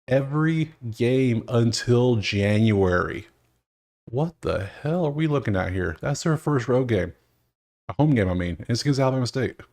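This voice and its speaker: Casual male betting host, lowish voice, half-muttered running commentary with dry exasperation. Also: a little mellow. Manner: muttering to himself, chatty, wry and exasperated asides. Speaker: sports betting video host. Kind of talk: casual solo commentary over stats.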